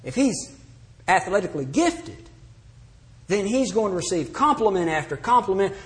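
A man's voice: high-pitched, big pitch swings, moderate pace. A man preaching a sermon to a congregation, earnestly exhorting families, quoting scripture and acting out little conversations. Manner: earnest, exhorting, quotes scripture and acts out short dialogues.

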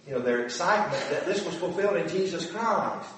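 A man's voice: high-pitched, animated, a little fast, hardly any pauses, a bit bright. A man teaching scripture in an earnest, conversational way, often turning to his listeners with rhetorical questions. He sounds set back from the mic in a very echoey hall. A faint hum of background noise sits under him. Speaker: Bible teacher. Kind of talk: conversational Bible lesson. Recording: very echoey room from a distant mic.

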